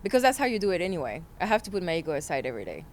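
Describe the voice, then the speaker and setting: A woman's voice: on the low side, big pitch swings, racing, slight background noise. A young woman from France with a French accent, a guest in a casual interview, talking animatedly and switching between English and French.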